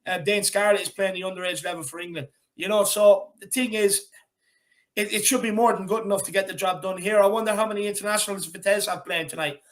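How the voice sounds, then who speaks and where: A man hosts a lively fan call-in, talking in a high, bright voice. He rambles along, cracks jokes and keeps the energy hyped. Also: fast talker. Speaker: host of a fan call-in show. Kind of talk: casual chat.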